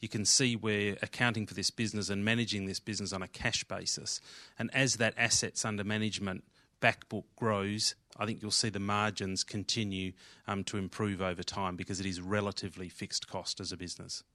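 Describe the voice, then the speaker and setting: A man with an Australian accent, a company executive answering analyst questions in a relaxed, explanatory way. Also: on the low side, brisk, no echo.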